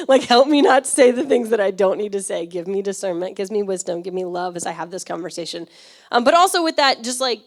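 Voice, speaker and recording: A woman church pastor delivers a conversational sermon, chatty and quick to laugh, frequently checking in with her listeners. Her voice is at medium pitch.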